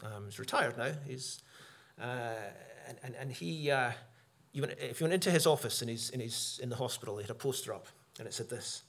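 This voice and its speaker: A middle-aged man preaching a sermon, earnest, rising for emphasis and dropping low for solemn points. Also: brisk, a bit bright.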